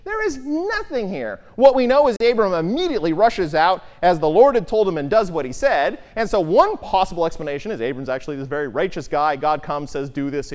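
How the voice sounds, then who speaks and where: A Bible teacher giving an animated talk and putting rhetorical questions to the listeners. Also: medium pitch. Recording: long hall reverb.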